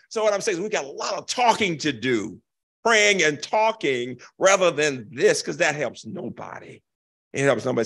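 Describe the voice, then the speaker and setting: An older man giving a keynote talk, answering an audience question with animated, emphatic storytelling and slow, dramatic pauses. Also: on the high side, creaky. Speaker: keynote speaker. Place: lecture hall.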